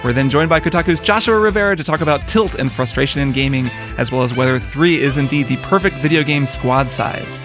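A man's voice: medium pitch, a little fast, few pauses, over music. A man hosting a casual video game podcast, chatty and rambling with fillers. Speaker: podcast host.

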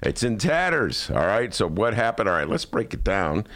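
A man hosting a casual political talk show from a studio, animated and joking, sometimes mimicking politicians. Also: on the low side, moderate pace. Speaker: podcast host.

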